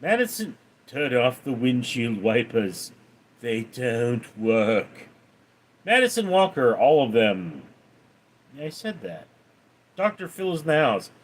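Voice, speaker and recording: A man hosting a livestream, reading viewers' names and questions in a raised voice, then answering them flatly. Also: a little slow, husky. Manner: reads donor names and questions aloud in a lively raised voice, then answers flat and low. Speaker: livestream host reading chat. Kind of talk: casual livestream Q&A.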